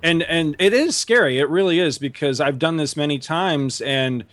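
A middle-aged man hosting a podcast, telling a story in a casual, animated way, jumping up in pitch to act out what people said. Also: normal speed, no room sound. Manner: animated, acts out quotes with big pitch jumps and laughs. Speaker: podcast host.

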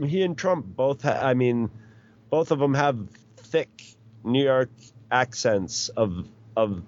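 A man's voice: mid-range voice, lively intonation, slow, long pauses. A middle-aged man in casual chat, rambling along with many restarts and chuckles. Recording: dull lo-fi recording.

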